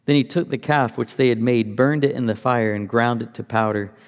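A man's voice: medium pitch, steady tone, brisk, long reverb tail. A man teaching from the Bible, reading passages aloud and explaining them in a conversational, think-aloud way.

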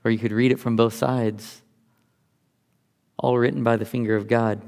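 Guy with a gravelly voice walking through a bible passage, chatty, kinda thinking out loud, big echoey hall. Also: mid-range voice, level tone, normal speed. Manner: conversational, thinks aloud while explaining. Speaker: Bible teacher. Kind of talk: Bible teaching, reading and explaining scripture.

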